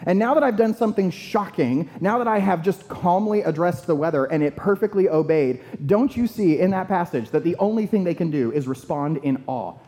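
A man preaching a sermon in a lively, conversational way, acting out the disciples' panic. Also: sits high, fairly quick, hardly any pauses. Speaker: pastor. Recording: long hall reverb.

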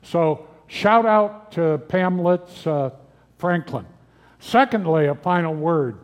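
An older male pastor preaching a sermon, earnest and measured, asking rhetorical questions of his listeners. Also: on the high side, expressive, big-room sound.

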